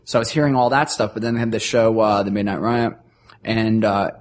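Rambling middle-aged musician from New York. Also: male voice, on the low side, fairly even intonation, a little fast. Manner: rambling, restarts often while searching for words. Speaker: touring musician, guest. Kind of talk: casual chat.

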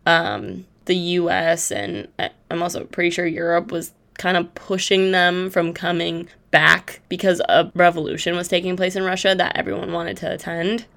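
A woman's voice: lowish voice, steady tone, moderate pace, gravelly, few pauses, fairly bright tone. A woman hosting a podcast, retelling a historical case in a casual, chatty way with irreverent asides. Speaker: podcast host. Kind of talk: casual true-crime storytelling.

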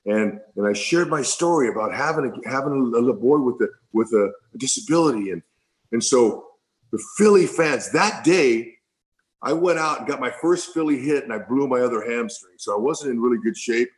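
A middle-aged man tells an emotional story in a rambling, heartfelt way, often circling back and repeating words. His pitch sits in an ordinary middle range. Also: moderate pace, low-quality recording. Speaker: former baseball player, guest.

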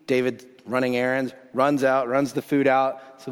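A male pastor preaches in a casual, storytelling manner at a middle pitch. He swings between lively excitement and quieter reflection. His voice rings with the long reverb of a large church hall. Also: normal speed, smooth. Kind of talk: sermon.

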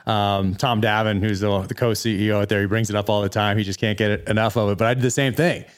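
Male host, lower voice, eager to jump in with his own story. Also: fairly even intonation, quick pace. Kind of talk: casual chat.

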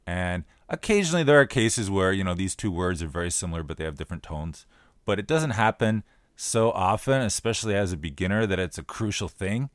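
A man with a fairly low voice talks through ideas in an easygoing podcast chat, circling back and repeating phrases as he thinks. The sound is close and dry, with no room around it. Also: a little fast, no echo. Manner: relaxed, repeats phrases while explaining. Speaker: podcast co-host. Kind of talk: casual explanatory chat.

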